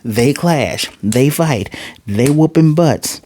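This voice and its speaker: A man giving a casual, excitable episode recap and review, jumping into different voices for the characters. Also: medium pitch, slow. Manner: excitable, acts out characters' lines in shifting voices. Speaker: anime reviewer.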